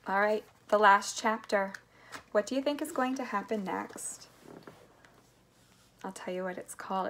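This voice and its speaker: A woman reads a children's book aloud at a middling pitch, with a gravelly fry in her voice. Between chapters she chats in a friendly way and asks her listeners questions. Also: fairly bright tone. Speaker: reader.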